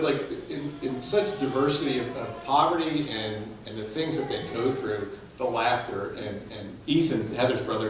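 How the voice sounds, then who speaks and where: A man shares stories of a mission trip with a lively, laughing delivery. He is recorded from far off in a big echoey church hall, with faint room noise behind him. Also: medium pitch. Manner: animated anecdotes with laughter. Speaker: mission team member. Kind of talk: storytelling at a church presentation.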